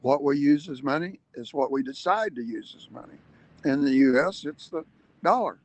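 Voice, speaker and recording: A man's voice: medium pitch, expressive, moderate pace, poor audio. A man giving an earnest livestream advocacy talk, explaining step by step with emphatic points and hesitant fillers. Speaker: activist speaker.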